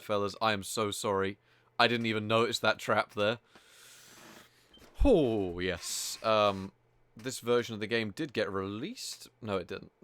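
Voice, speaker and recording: A male game streamer with a fairly low voice, talking live over his gameplay in a loose, chatty way. He sounds exasperated and swears freely. The sound is dry and close. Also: fairly bright tone, dry recording.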